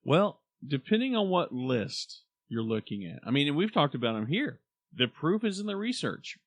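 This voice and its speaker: A man's voice: a little high, sing-song, moderate pace. Boisterous joking man. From Oklahoma. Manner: boisterous, joking, slips into comic voices. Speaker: podcast co-host. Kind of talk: casual chat.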